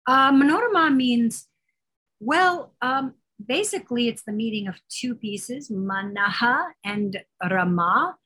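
Woman, podcast guest, breathy voice, patient and careful explanations. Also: fairly high pitch, animated, takes it slowly. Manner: careful, explanatory, warm laughter. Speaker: Sanskrit teacher, podcast guest. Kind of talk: casual podcast interview.

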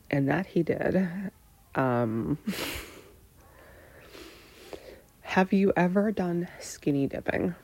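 Her voice deep and warm, a woman in her thirties speaks openly about personal matters in answer to questions. She hesitates often, filling her replies with pauses and at times lowering to a breathy near-whisper.

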